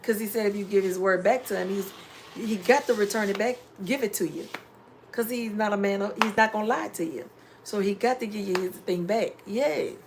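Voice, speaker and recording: A middle-aged home DIY vlogger chats casually on a live stream in a brisk, mid-range voice over a noisy background. She reads viewer comments and hands out preachy, animated life advice.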